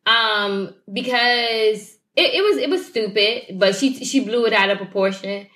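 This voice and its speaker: A woman's voice: a little high, measured pace, fairly bright tone. A young woman co-hosting a podcast, telling stories candidly and animatedly, with slang and swearing. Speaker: podcast co-host. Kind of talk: casual chat. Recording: roomy echo.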